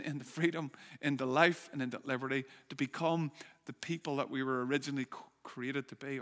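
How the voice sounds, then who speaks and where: A man's voice: a little high, a bit bright. A man preaching a sermon as a pastor, earnest, building emphasis and asking rhetorical questions. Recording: long reverb of a hall.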